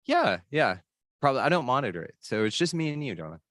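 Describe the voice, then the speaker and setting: A man's voice: medium pitch, very animated, fast talker, a bit bright, no echo. A man hosting a casual podcast chat, laid-back and effusive. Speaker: host.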